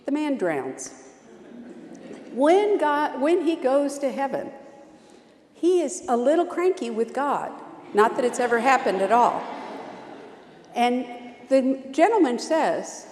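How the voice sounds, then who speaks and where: A woman's voice: sits high, very animated, takes it slowly, long pauses, a little mellow, reverberant, long reverb tail. A woman pastor preaching a sermon, telling stories with strong emphasis and repetition.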